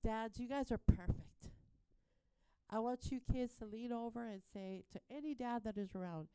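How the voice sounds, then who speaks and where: Mellow smooth-voiced woman at church. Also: on the high side, normal speed, dry recording, rough recording. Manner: addresses the congregation and children directly. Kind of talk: church service speaking.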